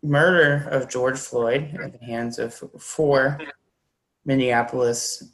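Slow-talking man hosting a podcast. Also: mid-range voice, steady tone, fairly bright tone, rough recording. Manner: slow, hesitant, many fillers. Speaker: podcast host. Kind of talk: casual podcast discussion.

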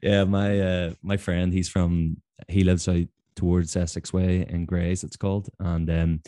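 A Northern Irish man hosting a casual interview, chatty and quick to laugh. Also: deep voice, level tone, dark tone, no echo, clean studio sound. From Northern Ireland. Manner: chatty, laughs easily, many fillers. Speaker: podcast host.

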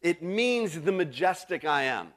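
A man's voice: a little high, sing-song, a little slow, fairly bright tone. A middle-aged male pastor preaching a sermon in a conversational way, full of restarts and asides to the congregation.

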